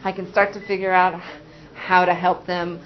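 A school psychologist presenting a parent training in a casual, conversational way, with frequent fillers and acted-out examples. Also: female voice, lowish voice, little pitch movement, normal speed. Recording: dull, muffled sound.

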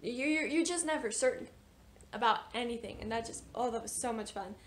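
A young woman with a slightly high voice chats through a book review. She gushes freely, piling on fillers and little exclamations as she talks. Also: fairly quick, a little hiss or hum. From United States. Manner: chatty and gushing, with frequent fillers and exclamations. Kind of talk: casual book review vlog.

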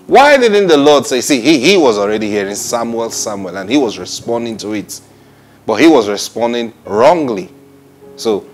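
A man teaching the Bible in a lively sermon style, repeating phrases and praising God between points. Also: medium pitch. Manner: animated and repetitive, often saying "praise God" with short laughs.

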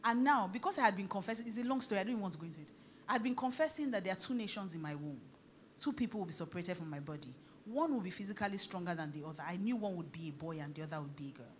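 A middle-aged Nigerian woman pastor preaching in a lively storytelling way, slipping into pidgin phrases and laughing often. Her voice sits at an ordinary pitch for a woman, with faint noise behind her. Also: racing. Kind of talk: sermon.

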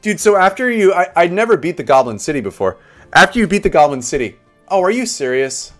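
A man's voice: high-pitched, fairly quick, faint music behind. A young man giving chatty live game commentary, talking to his chat as he plays. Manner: chatty, animated, talks to chat. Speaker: streamer.

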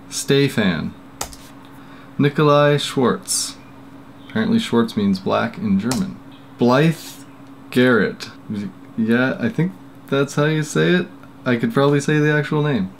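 A man's voice: mid-range voice, creaky, slight background noise. A man casually reading out a list of names in a workshop vlog, stumbling over pronunciations with self-deprecating asides. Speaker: maker YouTuber.

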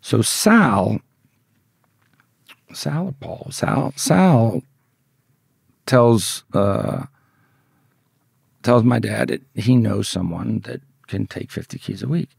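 A man with a gravelly, rough voice talks bluntly and profanely as a podcast guest. He tells his story casually and acts out the other people's lines as he goes. The sound is dry, with no room in it. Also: on the low side, lively intonation, slow, pauses often, no echo. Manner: profane, blunt, re-enacts dialogue.

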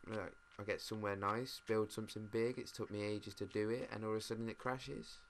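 A British man mumbling and thinking out loud, swearing now and then as he plays a game. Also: on the low side, flat delivery, brisk. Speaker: gamer. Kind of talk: casual let's-play commentary. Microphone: desk mic. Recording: noisy home mic with mouse clicks.

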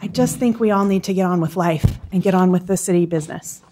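A woman's voice: lowish voice, fast, mellow, slight background noise. A woman in her thirties, a council candidate, giving an earnest, exasperated public comment at a city council meeting. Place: council chamber.

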